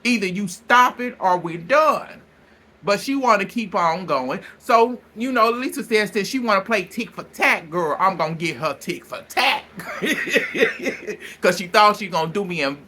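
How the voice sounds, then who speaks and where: A man recapping a reality show in a casual vlog, animated, gossipy and bluntly profane, breaking into laughs as he retells scenes. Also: sits high, a little slow, breathy edge. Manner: breaks into laughter while recounting.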